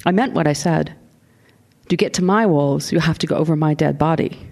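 A woman's voice: fairly low pitch, lively intonation, normal speed, noisy background. A woman doing a cocky Boston werewolf alpha. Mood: serious. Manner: cocky, gruff, slightly nasal drawl. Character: brash swaggering male werewolf alpha.

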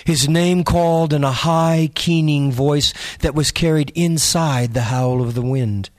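A man narrating a spooky story in a measured, suspenseful audiobook reading. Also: fairly high pitch, dry recording, clean studio sound.

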